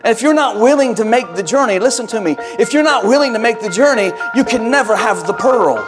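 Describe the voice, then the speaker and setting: A man's voice: very high-pitched, lively intonation, brisk, music in the background. A male pastor preaching a sermon, speaking to his congregation and calling for responses. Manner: preaching with call-and-response asides.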